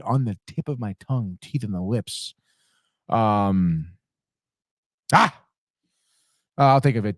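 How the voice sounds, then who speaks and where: A man's voice: fairly low pitch, no echo, studio quality. A man hosting a live sports podcast alone, trash-talking teams, swearing and calling everyone "dude" as he reads chat comments. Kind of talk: live sports betting talk.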